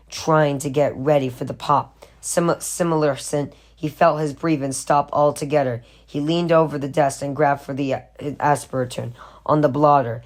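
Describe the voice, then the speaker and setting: A woman reading a horror novel aloud, steady with occasional stumbles and restarts. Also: very deep voice. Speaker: audiobook reader.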